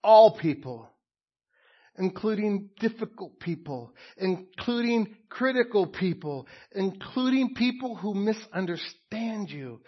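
A man delivering a sermon, speaking slowly and deliberately with a somewhat high voice. His tone is slightly husky, and he leans on repeated phrases for emphasis. The recording sounds a little dull and lo-fi. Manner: earnest, emphatic preaching with pauses and repeated phrases. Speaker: pastor.

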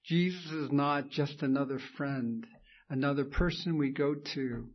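A man's voice: mid-range voice, measured pace, highs cut off. A man preaching a sermon as pastor, emphatic and building to fervent exclamations.

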